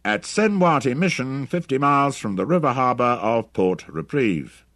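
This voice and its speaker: A man's voice: medium pitch, lively intonation, normal speed, fairly bright tone, dry recording, pitched above the performer's own voice. A man voicing a radio news announcer who reads a bulletin in a formal, clipped delivery. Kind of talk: audiobook reading.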